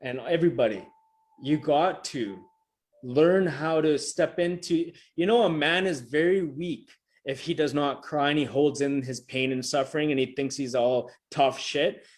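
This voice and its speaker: A man's voice: a little high, measured pace. A middle-aged man giving a motivational coaching talk over a video call, emphatic and repetitive, casual and swearing freely. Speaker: motivational coach presenting a session. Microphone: video call microphone.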